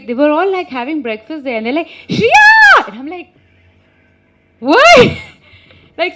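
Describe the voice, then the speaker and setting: A woman, an actress at a press meet, telling stories in an animated, teasing way and often breaking into laughter. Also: high-pitched. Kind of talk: chatty press meet answers. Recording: muffled lo-fi sound.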